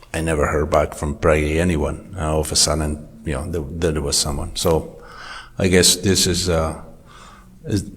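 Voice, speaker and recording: A man giving an informal scripture class at a temple, telling stories in a relaxed, conversational way. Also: a bass voice. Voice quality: anecdotal, conversational storytelling. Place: temple hall.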